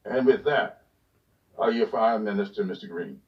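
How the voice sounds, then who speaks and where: A man's voice: fairly low pitch, moderate pace. A man chairing a committee hearing who speaks firmly and asserts control of the meeting. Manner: firm, gravelly, asserting control. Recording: distant, dull hearing-room audio.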